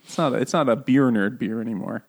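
A man's voice: mid-range voice, fairly quick, vocal fry. A man in his thirties co-hosting a casual chat, swearing and laughing often as he retells stories with energy. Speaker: podcast co-host.

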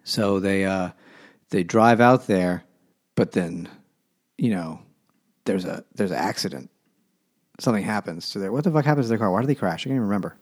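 A man's voice: low-pitched, a little fast, long pauses. A man co-hosting a casual book podcast, retelling a plot with sarcastic, rambling jokes. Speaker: podcast co-host. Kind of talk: casual book-discussion banter.

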